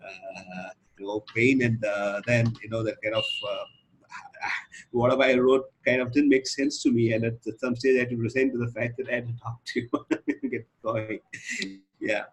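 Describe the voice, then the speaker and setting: A man's voice: mid-range voice, steady tone, moderate pace, husky. A man from India, a sales trainee practicing a sales call, talking in a hesitant, rambling way full of fillers.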